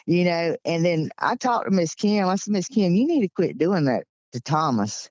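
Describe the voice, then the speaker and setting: A woman in her sixties from Georgia tells stories with a Southern accent, jumping up and down in pitch to act out the people she quotes. The sound is dry and a little muffled. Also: moderate pace, few pauses, no room sound. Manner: lively storyteller acting out quoted voices. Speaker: interview guest. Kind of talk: storytelling in an interview.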